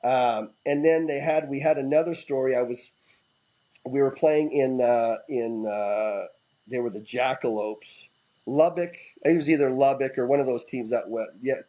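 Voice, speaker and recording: Rowdy stories pour out of a middle-aged former hockey player as he guests on a casual interview, animated, cursing casually and often restarting. His mid-range voice moves at a normal speed, and the audio is poor.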